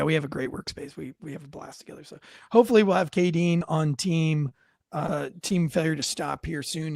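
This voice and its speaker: Middle-aged male host, high-pitched, dry close sound, loose profane storyteller. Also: vocal fry, dry recording. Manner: rambling storyteller, swears freely, acts out quotes. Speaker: host, former police officer. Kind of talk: casual livestream chat.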